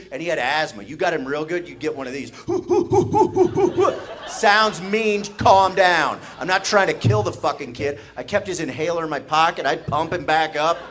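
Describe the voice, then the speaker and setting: A man's voice: fairly high pitch, fairly quick, hardly any pauses, fairly bright tone. A man from the American Midwest doing stand-up comedy, telling a story with laughter and sound effects on a comedy stage.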